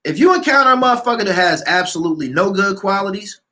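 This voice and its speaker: A man's voice: sits high, lively intonation, fast talker, sharp tone. Heated, profane man ranting. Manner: profane, heated, repeats lines for emphasis. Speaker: show host. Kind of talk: rant reading and answering comments.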